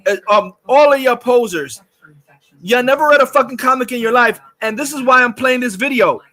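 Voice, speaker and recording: A man's voice: very high voice, normal speed, sharp tone. A man hosting a livestream, ranting angrily and profanely and reading chat comments aloud. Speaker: livestream host. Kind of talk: angry livestream rant.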